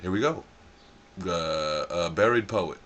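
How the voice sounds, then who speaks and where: A man with a low voice hosts a livestream at an unhurried, drawn-out pace. He talks casually into a desk mic, joking and cursing as he reads captions aloud. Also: a bit bright, slight background noise. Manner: joking, swearing, laughing, reading captions aloud. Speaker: livestream host.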